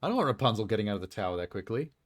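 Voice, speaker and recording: A man's voice: fairly low pitch, sing-song, racing. A man streaming a building game and chatting casually, joking and laughing often. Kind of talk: casual live-stream chat while playing a game.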